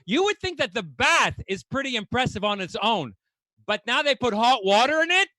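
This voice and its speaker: A man's voice: very high-pitched, very animated, moderate pace, sharp tone, dry recording. A man doing a stand-up comedy set on a club stage, ranting in exasperation and swearing casually.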